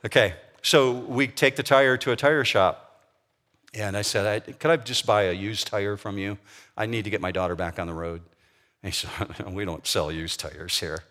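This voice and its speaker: Preaching at a moderate pace, a middle-aged pastor with a lowish, fairly bright voice shares a personal story in a conversational style. Along the way he asks his listeners questions.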